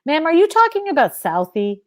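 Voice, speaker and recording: A woman's voice: high-pitched, big pitch swings, a little fast, no echo, studio quality, pitched above the performer's own voice. A woman voicing a stiff young male army private who tries to sound official, in a live story reading. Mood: officious.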